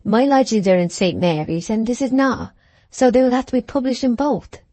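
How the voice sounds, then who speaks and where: A man's voice: extremely high pitch, moderate pace, dark tone, no room sound, pitched above the performer's own voice. A cool, evasive young soldier, as a female reader voices him. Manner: cool, offhand, noncommittal. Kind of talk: audiobook character reading.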